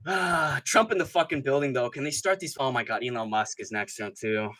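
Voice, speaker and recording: An MMA streamer host rants casually during live stream commentary, excitable and profane, rambling with frequent "dude"s and laughs. His voice is medium-pitched and fairly quick.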